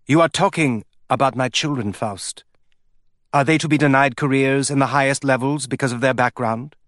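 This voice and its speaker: A man's voice: mid-range voice, normal speed, a bit bright, no echo, lightly acted. Man voicing a father, restrained, indignant, protective, dry sound. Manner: controlled, indignant.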